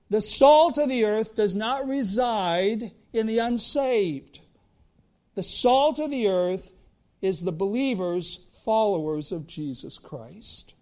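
A male preacher delivering a Sunday sermon in a high voice. He speaks slowly and deliberately, drawing out key phrases and rising to emphatic declarations. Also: lively intonation, a little mellow. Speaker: pastor.

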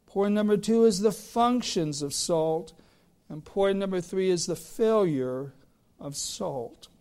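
High-pitched guy preaching a sermon, slow and deliberate, builds up to big emphatic lines. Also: lively intonation, mellow, clear, resonant tone. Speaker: pastor.

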